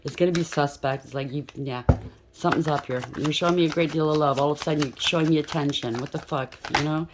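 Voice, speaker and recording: A mid-pitched tarot reader talks straight to the listener in a blunt, emphatic way. The delivery is loose and spontaneous, full of restarts and quick "okay?" check-ins. Faint card shuffling and low noise sit in the background. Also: fairly even intonation. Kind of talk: tarot reading to camera.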